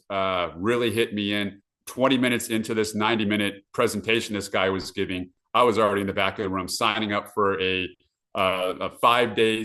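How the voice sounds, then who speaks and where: A middle-aged man from Southern California, a podcast guest telling his story casually over a video call, with many fillers and animated asides. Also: fairly low pitch.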